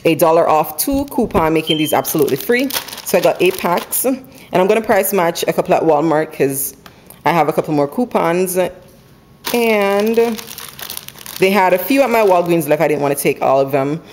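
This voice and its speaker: A woman chatting casually at home about her couponing haul, running through prices quickly and laughing now and then. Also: fairly low pitch, lively intonation, a little mellow, slight background noise. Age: adult with school-age kids. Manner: chatty, quick, runs numbers aloud, laughs often. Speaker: couponing vlogger. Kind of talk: casual haul video chat. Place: home, indoors.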